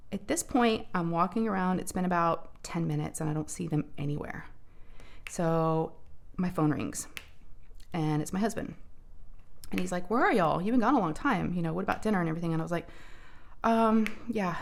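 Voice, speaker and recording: A woman, telling a casual story to viewers while she works on a craft, full of fillers and asides. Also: sits low. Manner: chatty, addresses viewers as y'all, many fillers. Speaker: crafting vlogger.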